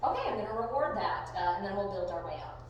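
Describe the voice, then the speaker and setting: A woman dog trainer teaching a hands-on lesson, upbeat and animated, with bursts of excited praise. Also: mid-range voice, quick pace, dull audio. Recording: echoey room, distant mic, faint noise.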